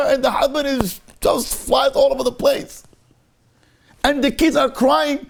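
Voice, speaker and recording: A rabbi teaching a Torah class with a very high voice for a man and a gravelly edge. He talks emphatically, circling back and repeating himself as he drives each point home. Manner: emphatic, repetitive, mixes Hebrew into English. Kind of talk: Torah lecture.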